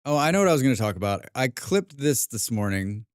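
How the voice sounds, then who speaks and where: A man's voice: medium pitch, big pitch swings, a little fast, no room sound, clean studio sound. An American man chatting casually while streaming a game, rambling and swearing with self-mocking asides. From United States.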